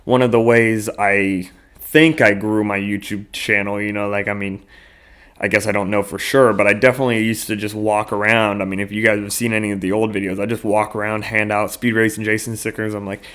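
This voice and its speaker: A man's voice: lowish voice, level tone, brisk, a bit bright, clean tone. A man hosting his own podcast in a casual solo monologue, rambling loosely with lots of fillers and frequent swearing. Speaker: podcast host.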